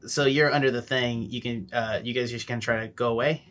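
A male dungeon master narrating a home tabletop game in loose, casual chatter. He rambles and pokes fun at himself, swearing now and then. His voice sits at an average male pitch. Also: fairly even intonation, a little fast, a bit bright, faint music behind. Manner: rambling, self-deprecating, profane.

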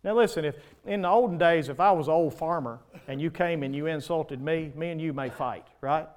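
A man preaching in church with a slightly high voice. His sermon is impassioned and pleading, rising into loud swells and then dropping to quiet passages. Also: fairly quick.

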